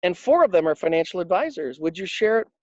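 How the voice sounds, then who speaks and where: A man's voice: high-pitched, very animated, fast talker, dry recording, dull audio. A man being interviewed about his work coaching financial advisors, telling anecdotes with emphasis and acting out the quotes. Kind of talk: conversational interview storytelling.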